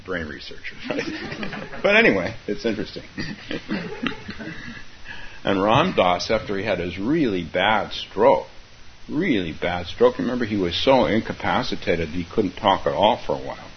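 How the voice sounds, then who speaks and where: Man, zen teacher, dharma talk, fairly low voice, halting, repeats phrases, dull recording, faint hiss. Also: sing-song. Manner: halting, repeats himself, chuckles often.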